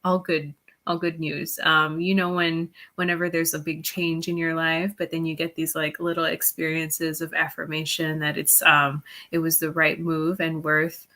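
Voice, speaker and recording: Thoughtful, hesitant woman, slightly low voice, casual chat. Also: monotone, normal speed, sharp tone. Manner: thoughtful, hesitant, many ums.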